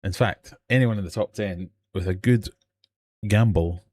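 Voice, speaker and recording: Male quiz host, slightly low voice, jokey and self-deprecating, live stream from home. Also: a little slow, darkish tone. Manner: jokey, self-mocking quizmaster. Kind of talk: live quiz hosting chat. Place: home fish room.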